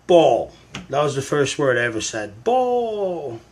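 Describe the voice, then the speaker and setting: A man runs a casual livestream Q&A, answering fan questions while playing up fake frustration and bursting out suddenly. His mid-range voice is fairly bright and a little quick.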